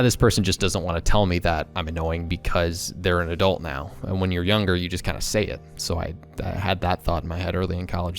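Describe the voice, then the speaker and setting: A young man talking candidly to camera in a rambling, excitable vlog monologue. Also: low-pitched. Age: young adult. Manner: excitable, rambling, quick bursts. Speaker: vlogger.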